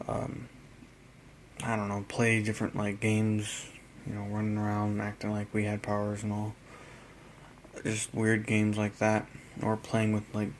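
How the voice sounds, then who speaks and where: A tired man narrating a casual hobby painting vlog, halting and rambling as he trails off mid-thought. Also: lowish voice, a little mellow, a little hiss or hum. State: tired, yawning.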